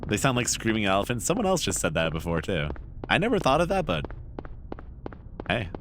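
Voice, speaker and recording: Deep-voiced man rambling over gameplay. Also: huge pitch swings, a little fast, a little hiss or hum. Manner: rambling, swears casually, trails off mid-sentence. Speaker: streamer playing a horror game. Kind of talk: casual gameplay commentary.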